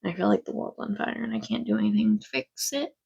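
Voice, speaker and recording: A woman with a gravelly, husky voice rambles through a casual makeup tutorial at home. She talks frankly and swears now and then. The recording is dull and lo-fi. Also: mid-range voice, fairly quick, a little mellow. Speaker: makeup vlogger. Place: quiet home.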